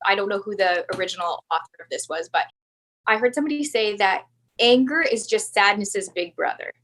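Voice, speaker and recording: A woman's voice: medium pitch, a little fast, fairly bright tone. Candid woman sharing a personal story. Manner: earnest, confessional, many "like" fillers. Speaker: guest.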